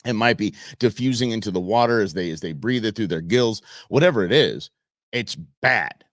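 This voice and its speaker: Male talk show host, deep-voiced, rambling and jokey, dry close sound. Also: expressive, normal speed, a bit bright, no echo. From Arizona, USA. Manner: chatty, rambling, jokey with many restarts. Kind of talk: casual talk show monologue.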